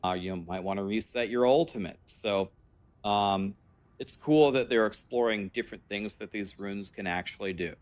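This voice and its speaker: Man, gameplay commentary, deep-ish, dry close sound, slightly hoarse. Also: normal speed, no echo. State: losing his voice. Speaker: game video narrator.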